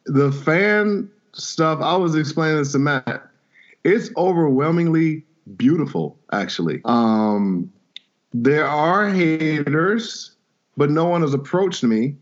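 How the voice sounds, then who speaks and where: A man's voice: a little high, takes it slowly, lo-fi sound. A man, a guest voice actor, chatting casually and animatedly in an interview. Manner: animated, laid-back storyteller.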